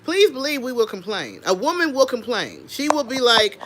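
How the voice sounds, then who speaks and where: A woman's voice: fairly high pitch, normal speed, few pauses, a little hiss or hum. A woman hosting an unscripted livestream, chatting casually and talking straight to her viewers. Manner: animated, chatty, addresses viewers directly. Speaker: livestream host.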